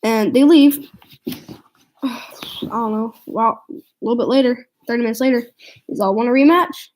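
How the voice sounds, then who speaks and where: A teenage girl with a slightly high, mellow voice tells a storytime vlog. She rambles, trips over her restarts and leans on "like" as filler. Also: unhurried, poor audio. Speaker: vlogger.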